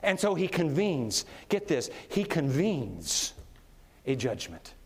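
A male pastor delivers a sermon in an animated, conversational style, often slipping in small laughs. His voice sits high and swings widely in pitch. Long reverb fills the large room around him. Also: takes it slowly. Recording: long reverb of a big hall.

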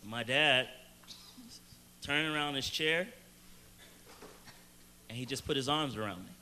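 Bright-voiced man giving earnest testimony. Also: medium pitch, slight background noise. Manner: earnest storytelling with hesitant restarts and emphatic slowed phrases. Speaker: youth panel speaker. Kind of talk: personal testimony in a panel Q&A.

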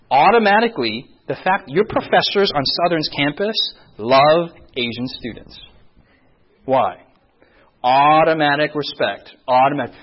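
A man's voice: fairly high pitch, husky, dull audio. A man in his thirties, a pastor, giving a sermon-style presentation and often asking the audience questions, with self-mocking humor. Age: 30s.

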